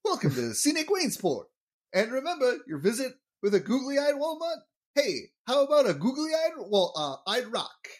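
A pushy middle-aged hawker, put on by a man in a deliberately rough impression, with a voice pitched well above his usual talk. He calls out to customers in a loud, salesy way. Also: huge pitch swings, exaggerated voice. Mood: pushy salesman. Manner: loose, deliberately bad celebrity impression. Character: fast-talking middle-aged male roadside souvenir hawker, pushy.

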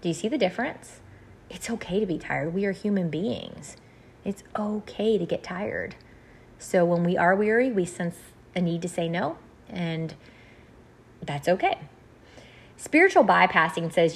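A woman leading a group, reading through graphics and explaining them in a gentle, earnest way. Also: fairly low pitch, normal speed, husky.

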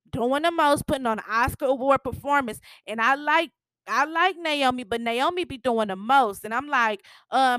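A woman's voice: a little high, fairly bright tone, clear, resonant tone, no room sound. Sassy woman chatting through a recap. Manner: chatty and sassy, laughs often, acts out characters' lines. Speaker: TV recap vlogger. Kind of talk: casual TV episode recap.

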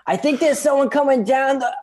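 A man's voice: very high voice, brisk, pitched above the performer's own voice. A man doing a brash colonial Boston guy. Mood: rowdy. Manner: brash, shouting, profane. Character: loud colonial Boston townsman, rowdy.

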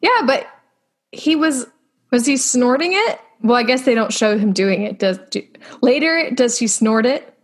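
A woman's voice: a little high, animated, a little slow. A woman co-hosting a podcast, chatting casually and self-deprecatingly about a TV episode, full of questions. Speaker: podcast co-host. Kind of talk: casual chat recapping a TV episode.

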